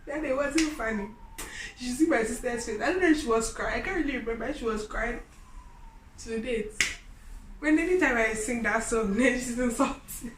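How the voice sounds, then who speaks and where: Young woman vlogger, slightly high voice, animated and giggly storyteller, recorded from a distance in an echoey room. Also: normal speed, slight background noise. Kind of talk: casual storytelling.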